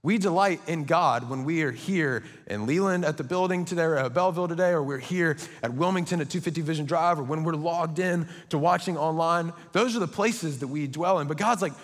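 A young adult man preaching a sermon as pastor, telling stories in a lively way with quick asides. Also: a little high. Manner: energetic storytelling with quick asides. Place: church auditorium. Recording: reverberant church auditorium.

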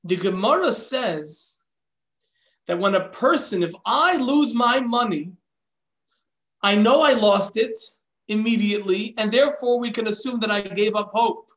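A man's voice: sits high, unhurried, fairly bright tone. A man as a firm, fatherly old sage. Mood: exhorting. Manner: emphatic, exhorting, fatherly.

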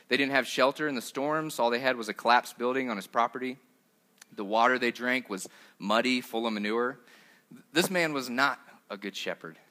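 A man's voice: mid-range voice, sharp tone. A young man, a pastor, giving a sermon in a conversational way with frequent fillers.

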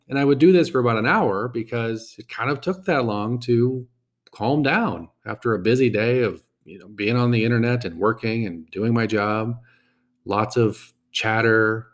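Reflective man telling a personal story. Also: mid-range voice. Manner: reflective, halting, repeats words.

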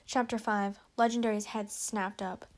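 A woman reading a storybook aloud with steady narration. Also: medium pitch, normal speed. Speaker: reader.

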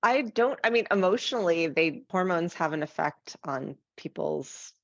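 A woman scientist, a podcast guest, explaining things calmly in casual chat. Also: lowish voice, normal speed, gravelly, no room sound, highs cut off. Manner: calm, explanatory.

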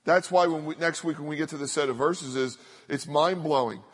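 This is a man preaching earnestly from a pulpit in a big hall, where his fairly high, breathy-edged voice leaves a long echo. For emphasis, he regularly eases into soft, slow repetitions of brief phrases.

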